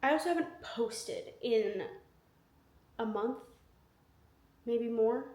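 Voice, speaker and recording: A woman's voice: high voice, measured pace, pauses often, a little mellow. A woman in her twenties talking casually to camera in a vlog, chatty and rambling with many fillers and restarts. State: tired, yawning. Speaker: vlogger. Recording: echoey room.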